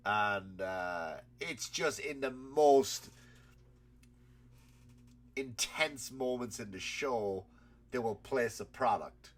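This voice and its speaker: A male comedian holds forth in a loose, rambling rant, swearing freely and breaking into laughter. He has a cold, and his voice sits at an ordinary middle pitch. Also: slow, long pauses. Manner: rambling, profane, laughing at his own stories. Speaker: comedian and podcast host.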